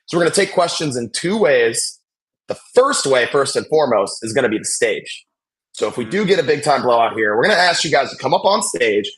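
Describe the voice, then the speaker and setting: A man hosting a live basketball watch-along, chatting casually and calling plays with excitement. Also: mid-range voice, brisk. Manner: chatty, excitable, reacts loudly to big plays.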